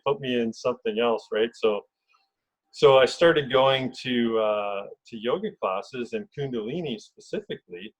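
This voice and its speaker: A man hosting a casual conversation, speaking reflectively and earnestly with a husky voice. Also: medium pitch, poor audio. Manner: reflective, earnest, frequent "you know".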